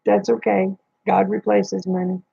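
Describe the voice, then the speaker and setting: A woman's voice: medium pitch, level tone, a little slow, vocal fry, mellow, slightly rough, dry recording. A woman hosting a livestream, telling a personal story in a plain-spoken way and retelling the dialogue. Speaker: livestream host. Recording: dull lo-fi dry sound.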